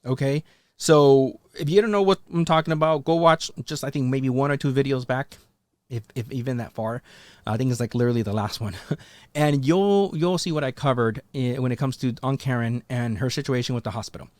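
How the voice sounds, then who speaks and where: A man's voice: fairly quick, a little mellow, dry recording. A man hosting a casual commentary vlog, rambling with many fillers and restarts, and talking straight at his followers with a challenging edge. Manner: rambling and loose, full of fillers and restarts, pitch rising on emphatic points; talks directly to his followers, challenging them. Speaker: commentary channel host.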